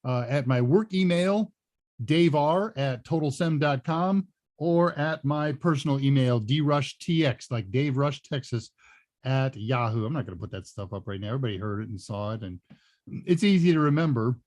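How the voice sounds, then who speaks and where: A man's voice: mid-range voice, animated, normal speed, darkish tone, no echo, studio quality. A man hosting a live tech Q&A, chatting casually and rambling with chuckling asides. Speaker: host and senior instructor. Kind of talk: casual livestream Q&A chat.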